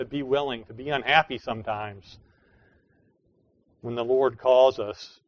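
A pastor delivers an earnest sermon, his voice at an ordinary middle pitch. He drops to soft, pleading tones and then rises to emphatic declarations. The recording sounds slightly dull and lo-fi, with a dry, close sound and no room echo.

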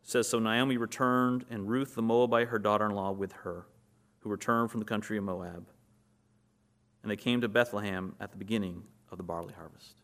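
Lower-voiced male pastor preaching. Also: steady tone, brisk, a bit bright. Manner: rhetorical questions, rising to emphatic peaks. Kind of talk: sermon.

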